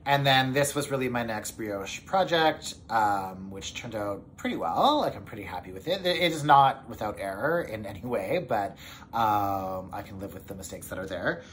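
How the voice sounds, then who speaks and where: A man hosting a knitting podcast, chatting casually to camera in an excitable, rambling way with many fillers. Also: fairly low pitch, normal speed, a little hiss or hum.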